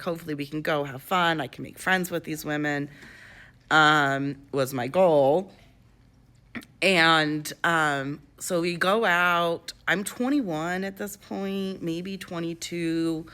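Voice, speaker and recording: A woman's voice: low voice, a bit bright. A woman in her twenties telling a personal story in a casual, rambling way, with lots of fillers and restarts.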